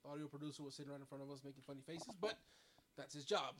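Rambling high-voiced guy chatting. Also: steady tone, very fast, a crowd in the background. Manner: rambling, laughs often, lots of "like". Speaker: podcast co-host. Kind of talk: casual chat.

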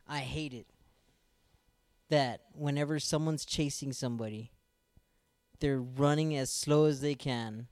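A man's voice: medium pitch, a little mellow. Laid-back man ranting about movies. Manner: laid-back, says dude a lot. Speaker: podcast co-host. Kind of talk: casual live-stream chat.

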